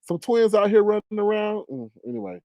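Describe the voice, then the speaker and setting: A man hosting a livestream of gossip commentary, talking in an animated way with frequent laughs and drawn-out asides. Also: sits high, vocal fry, dry recording, studio quality. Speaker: online show host.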